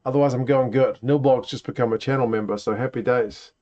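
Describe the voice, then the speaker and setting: A man talks through a live rugby watch-along in a chatty, reactive way, turning to greet viewers between plays. His voice sits at an ordinary middle pitch for a man. The stream audio is dull and lo-fi. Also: steady tone, brisk, darkish tone. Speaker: livestream host. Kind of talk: casual watch-along commentary.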